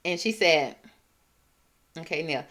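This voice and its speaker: A woman's voice: low-pitched, lively intonation, a bit bright. A woman hosting a casual commentary show, reacting in a sassy, mocking way. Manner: sassy, mocking, drawn-out emphasis. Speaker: commentary channel host.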